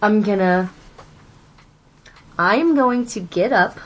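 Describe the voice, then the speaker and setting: A woman's voice: medium pitch, takes it slowly. A woman playing a tabletop game, joking around and asking lots of questions. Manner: playful, jokey, asks lots of questions. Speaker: player.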